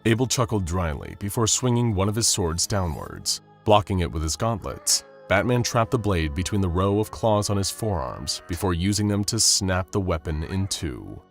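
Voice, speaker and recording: A man narrating a scripted action story in a steady, dramatic storytelling manner. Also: low-pitched, moderate pace, few pauses, soft background music.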